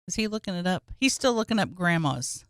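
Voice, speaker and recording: A woman co-hosting a casual comedy podcast, laughing often and chiming in with quick riffs. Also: fairly low pitch, animated, dry recording, studio quality. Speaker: podcast co-host. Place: home dining room.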